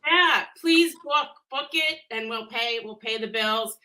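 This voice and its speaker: A woman's voice: on the high side, measured pace, pushed and bright, poor audio. A woman from a charity foundation on a video call, reassuring and upbeat, often repeating her phrases. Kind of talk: warm video call conversation.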